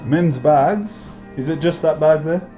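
A man's voice: on the high side, takes it slowly, dark tone, soft background music. An Australian man vlogging casually as he walks around town and into shops, joking and swearing freely. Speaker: travel vlogger. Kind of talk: casual travel vlog.

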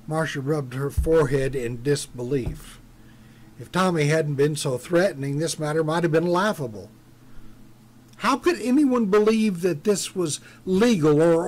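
A man's voice: on the high side, measured pace, darkish tone. A male pastor reading a story aloud during a sermon, acting out the characters. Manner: reads a story aloud with voices.

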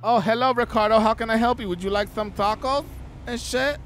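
A man voicing a loud, crude, flirty woman who runs a taco truck, gushing and brash in improvised role-play. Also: very high voice, slight background noise. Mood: flirty sales pitch. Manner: gushing, brash, vulgar, rapid-fire patter.

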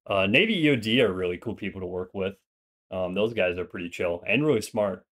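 A man's voice: sits low, lively intonation, a little fast, a bit bright. Rambling man with a slight Minnesotan accent. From Minnesota, USA. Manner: loose, rambling, profane banter. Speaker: streamer, former Marine. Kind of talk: casual gaming chat on stream.

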